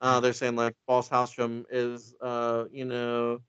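A man's voice: medium pitch, monotone, takes it slowly, fairly bright tone, clear, resonant tone, no room sound. A man casually recapping a story as a podcast co-host, rambling, cursing and saying "like" a lot. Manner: rambling, profane, full of "like". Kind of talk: casual chat. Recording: dry, slightly dull recording.

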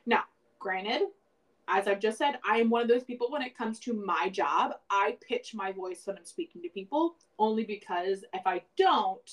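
A woman co-hosts a podcast in a relaxed, rambling way. She thinks aloud and scatters "like" through her sentences, with a voice of middling pitch. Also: normal speed, rough recording. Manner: rambling, many "like" fillers, reflective. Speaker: podcast co-host. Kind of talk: casual chat.

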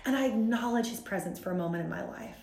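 A woman's voice: medium pitch, quick pace, gravelly. Woman podcast guest, 30s, earnest and chatty storyteller, recorded in an echoey room. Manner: earnest, rambling, animated storyteller. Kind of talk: faith-based podcast conversation.

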